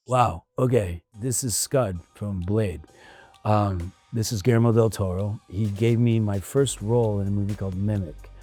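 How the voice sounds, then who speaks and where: Husky-voiced man telling anecdotes. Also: lowish voice. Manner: animated, acts out quotes of others, casual swearing. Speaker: actor. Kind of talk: anecdotal storytelling in an interview.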